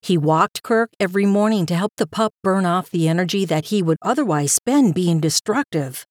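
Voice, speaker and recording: A woman reading a story aloud in a calm, even storytelling manner with a gentle lilt. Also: fairly low pitch, normal speed, no room sound, clean studio sound. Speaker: narrator. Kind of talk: scripted story narration.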